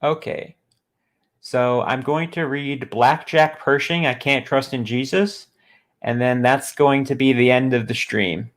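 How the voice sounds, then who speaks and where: A male streamer reads a book aloud on a live stream, adding sarcastic commentary in deadpan, mocking asides. His voice sits in the mid range, unhurried, and he frequently restarts.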